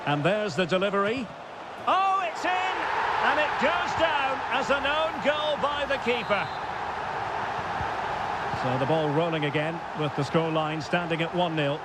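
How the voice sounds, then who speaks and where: A man playing a seasoned football commentator in a video game, a polished broadcaster who calls the action and rises to loud, excited calls. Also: high voice, moderate pace. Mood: lively play-by-play. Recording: game audio under loud background noise.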